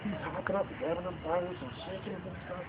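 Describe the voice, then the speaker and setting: Speaking fast in a high-pitched voice, a man spins a spooky tale for his family around a night bonfire. He's animated, playing out the panicked words of the people in the story, and the home video is tinny and noisy.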